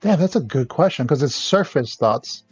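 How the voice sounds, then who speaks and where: A man narrates as game master with an easygoing, hesitant delivery. His voice sits a little high with a husky grain. The recording is dull and lo-fi. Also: animated, moderate pace, no echo, faint music behind. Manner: laughs often, hesitant fillers. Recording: dull lo-fi audio.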